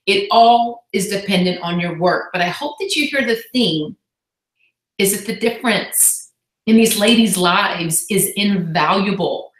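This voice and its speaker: A woman coach speaks in a heartfelt, chatty way on a casual motivational call and slips in quick asides. Her voice sits at an ordinary middle pitch. The room around her gives a noticeable echo. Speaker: fitness business coach.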